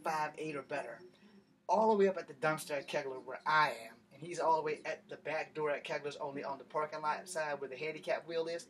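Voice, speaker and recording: A young man doing stand-up storytelling in an animated, profane, conversational way. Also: a little high. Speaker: comedian.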